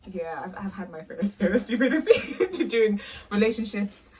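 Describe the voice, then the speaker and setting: A young woman, co-hosting a podcast in casual chat, lively and reactive. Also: medium pitch, normal speed, husky. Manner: lively, reactive, laughs easily. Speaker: podcast co-host. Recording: voice from a distance off the mic.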